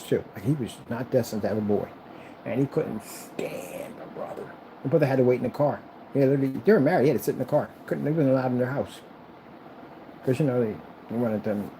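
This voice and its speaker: A man's voice: medium pitch, warm tone, slight background noise, rough recording. A man vlogging as he builds a computer, chatting casually in a rambling, repetitive and enthusiastic way. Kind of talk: casual chat while building.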